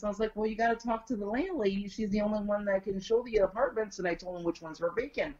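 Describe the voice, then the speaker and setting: A woman's voice: mid-range voice, fast talker, hardly any pauses, dull audio. A woman guest telling a story in casual chat, acting out each person's lines as she goes. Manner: animated, acts out dialogue in quotes.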